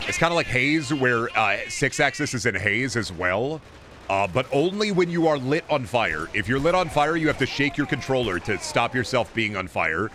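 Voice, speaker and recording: A man's voice: mid-range voice, lively intonation, fairly quick, bright, forceful tone, a little hiss or hum. A man streaming a shooter game, talking to his chat in a profane, blunt and mocking way. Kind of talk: casual game commentary to chat.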